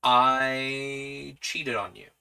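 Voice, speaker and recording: A tabletop streamer voicing a blunt former fiancee, speaking flat and slow. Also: medium pitch, creaky, clear, resonant tone, exaggerated voice. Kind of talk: solo tabletop role-play storytelling.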